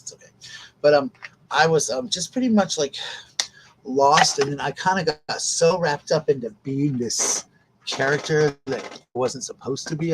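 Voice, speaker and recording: A man's voice: mid-range voice, background noise. A man chatting casually on a home live stream, rambling and often interrupting himself.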